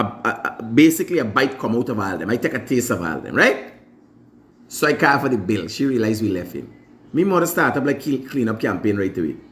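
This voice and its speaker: A man's voice: medium pitch, fairly bright tone. A Guyanese man hosting a live morning show, telling stories animatedly and imitating his mother. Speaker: show host. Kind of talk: casual storytelling monologue.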